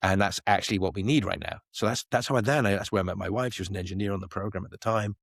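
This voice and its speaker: A man's voice: on the low side, very fast, vocal fry, no room sound, clean studio sound. A middle-aged man from the Isle of Man, telling stories animatedly in a podcast interview and acting out the people he quotes. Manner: animated storyteller, acts out quoted dialogue. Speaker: guest, space company CEO.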